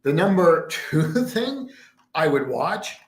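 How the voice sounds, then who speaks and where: This trading stream host talks slowly in a fairly high, sing-song voice, rambling and emphatic as he mumbles asides to his screen during a casual market-analysis livestream. He broadcasts from a room in his condo, where the sound echoes roomily.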